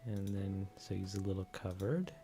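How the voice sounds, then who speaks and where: A man's voice: sits low, steady tone, moderate pace, mellow, faint music behind. A man streaming live, thinking aloud as he edits a video, mumbling to himself with whispered asides and unfinished sentences.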